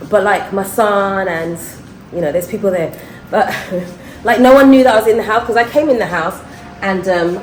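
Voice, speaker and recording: A woman's voice: mid-range voice, darkish tone, a little hiss or hum, poor audio. A middle-aged woman, chatting and laughing to camera as a vlogger, recorded on a handheld phone. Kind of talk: casual chat to camera. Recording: music playing over the voice.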